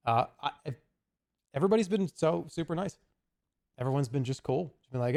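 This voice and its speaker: A man streaming, chatting casually and rambling, with profanity and quick asides. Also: on the high side, lively intonation, gravelly, warm tone. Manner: rambling, profane, slips into goofy put-on voices.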